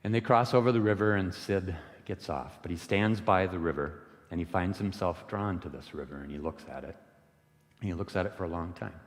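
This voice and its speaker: A man giving a storytelling sermon, retelling a parable in an unhurried, gentle way. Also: low voice, long reverb tail. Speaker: lay worship speaker. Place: church sanctuary.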